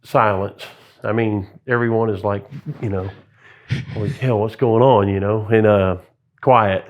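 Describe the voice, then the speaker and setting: A man's voice: lowish voice, a little slow, lo-fi sound. A middle-aged man, a former police sergeant, telling stories in a casual interview and acting out the radio calls he quotes. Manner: animated anecdotes, acts out radio calls and quotes. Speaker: retired police sergeant, guest.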